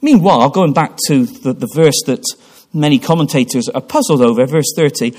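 A man's voice: medium pitch, normal speed, darkish tone. A man preaching a sermon in church, telling a story with passion and frequent restarts. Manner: impassioned storytelling with repeated restarts.

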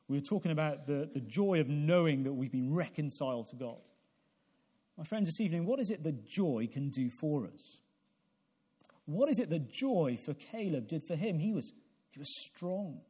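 A man delivering a sermon in a warm, mellow voice that sits a little high for a man. He leans on rhetorical questions and pushes to emphatic peaks, stumbling over a repeated word now and then as he restarts. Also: animated, moderate pace, breathy edge. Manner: repeats words when restarting. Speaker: preacher. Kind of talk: evening sermon.

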